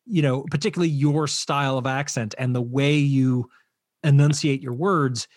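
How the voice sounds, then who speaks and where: A man's voice: medium pitch, steady tone, normal speed, a little mellow, dry recording, studio quality. An American man in his fifties chatting casually and telling anecdotes, with frequent "you know". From United States.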